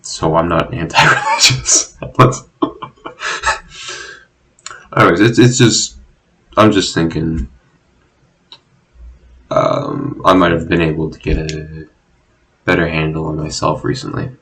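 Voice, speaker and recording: Low gravelly rambling young man. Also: steady tone, slow, pauses often, a bit bright, rough recording. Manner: rambling, swearing, self-deprecating, with frequent fillers and chuckles. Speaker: vlogger. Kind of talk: rambling casual monologue. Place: at home, drinking.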